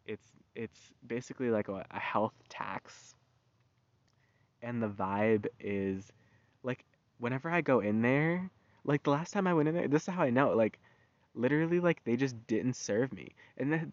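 A man's voice: medium pitch, dry recording. Profane, heated man ranting on a lo-fi recording. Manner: profane, heated, loose and slangy. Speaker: vlogger. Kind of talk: casual ranting monologue. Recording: dull lo-fi recording.

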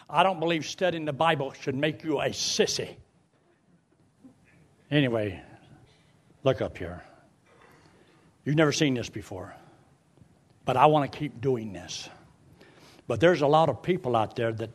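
An older man preaching a sermon, swinging from loud outbursts to low, quiet pleading.

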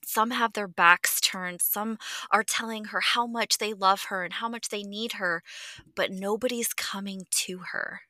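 A woman's voice: mid-range voice, steady tone, unhurried, bright, forceful tone, dry recording. A woman hosting a podcast, talking earnestly and reflectively, swearing freely and sometimes dropping to a near whisper. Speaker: podcast host. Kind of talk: candid conversational chat.

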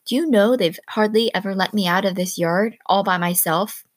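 A woman's voice: medium pitch, moderate pace, no echo, natural voice. A woman voicing a restless, stubborn young girl who speaks earnestly and wistfully.

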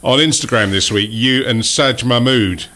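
A man's voice: medium pitch, normal speed, sharp tone. A man hosting a radio interview who laughs often and prompts his guest in an upbeat way. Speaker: radio host.

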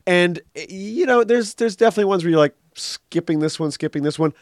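A man's voice: high voice, lively intonation, fairly quick, no echo, studio quality. A man co-hosting a podcast in casual chat, giving his opinions freely with plenty of fillers. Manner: chatty, opinionated, many fillers. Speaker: podcast co-host.

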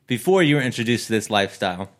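A man's voice: lowish voice, big pitch swings, very fast, a bit bright. A man hosting a podcast interview, asking long rambling questions with lots of jokes and laughter. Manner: rambling, jokey, laughs often.

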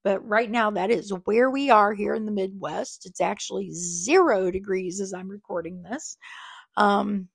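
Woman, podcast host, casual rambling chat, creaky voice, dry close sound, small office. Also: mid-range voice, measured pace, dry recording. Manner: chatty and rambling, with many fillers and asides. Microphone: small microphone.

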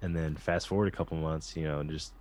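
A male musician guest chatting casually, excitable and slangy, with a heavy use of "like". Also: a bass voice, brisk. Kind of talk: casual chat.

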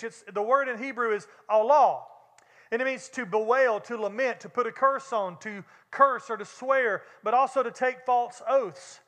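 A man with a Southern US accent delivering a sermon, talking straight to the congregation in an easy, conversational way. His voice sits high and sounds bright and forward. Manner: conversational preaching, addresses congregation directly. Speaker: pastor.

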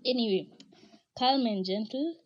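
A woman's voice: a little high, unhurried, lo-fi sound. A young woman with a Kenyan accent, hosting a podcast and chatting casually as she reads out listener comments, laughing often and slipping Swahili slang into her English. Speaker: podcast host.

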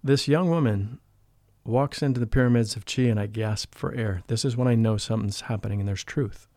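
A man talking as a guest in an interview, telling a personal spiritual story in an earnest, emotional way. He often drops into a hushed voice when he quotes people. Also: mid-range voice, brisk, no room sound, clean studio sound. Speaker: podcast guest, spiritual life coach.

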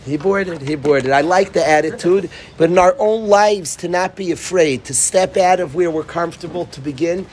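A man's voice: high voice, normal speed, hardly any pauses, darkish tone. A man giving an earnest Torah class, repeating himself for emphasis. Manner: earnest, repetitive, mixes Hebrew and Yiddish terms. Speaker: rabbi teaching a class.

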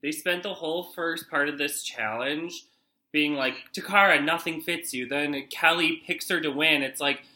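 A woman's voice: low-pitched, moderate pace, bright, forceful tone. A woman co-hosting a podcast, giving wry commentary and quoting people in mock voices. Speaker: podcast co-host. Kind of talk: casual chat.

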